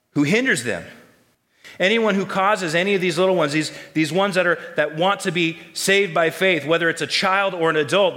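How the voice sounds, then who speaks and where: A male pastor preaching a sermon in a church and pausing to ask the congregation questions. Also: fairly high pitch, sharp tone, long reverb tail. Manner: call-and-response questions to the congregation. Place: church sanctuary.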